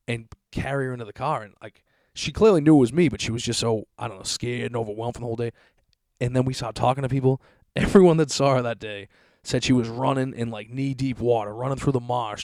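A man's voice: mid-range voice, fast talker, darkish tone, dry recording, clean studio sound. A man telling a long story in a casual, profane, rambling way.

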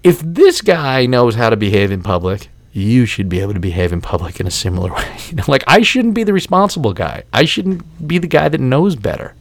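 A man in his forties hosts a podcast and rants in a casual, heavily profane, exasperated way. His voice is gravelly with a lot of vocal fry. He sits close to the mic in a dry room with no echo. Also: mid-range voice, big pitch swings, a little fast, hardly any pauses. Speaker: podcast host.

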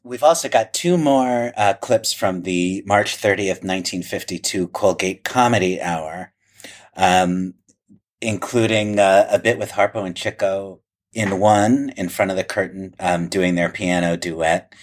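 Low-voiced man discussing old clips. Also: unhurried. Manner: thoughtful, describes clips in detail. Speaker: podcast co-host. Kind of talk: conversational film discussion.

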